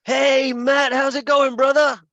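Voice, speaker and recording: Guy doing a super cheery loud dude on the phone, way up high. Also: monotone, normal speed, clean tone, dry recording, dull audio, natural voice. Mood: overjoyed. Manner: booming, enthusiastic. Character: upbeat overjoyed friendly man on the phone.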